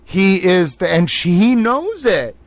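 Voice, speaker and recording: A man's voice: high voice, big pitch swings, slow pace, no echo. A man hosting a livestream, thinking aloud, exclaiming and laughing as he reacts live to news. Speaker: livestream host. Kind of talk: excited live reaction commentary.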